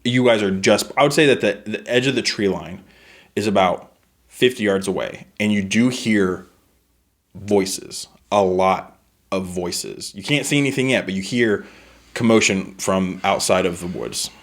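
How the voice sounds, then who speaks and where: A man with a fairly low voice narrates a tabletop role-playing session as game master. He talks in an easy, conversational way, pausing on fillers as he sets the scene.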